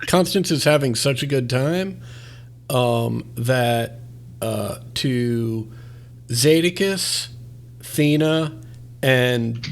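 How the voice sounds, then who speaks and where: Slow, gravelly-voiced man player. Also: mid-range voice. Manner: hesitant, filler-heavy. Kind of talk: tabletop role-play chat.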